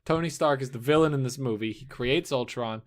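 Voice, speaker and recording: A man's voice: medium pitch, brisk. A man co-hosting a casual movie podcast, joking and arguing playfully. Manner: joking, argumentative, laughs often. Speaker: podcast co-host. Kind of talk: casual chat.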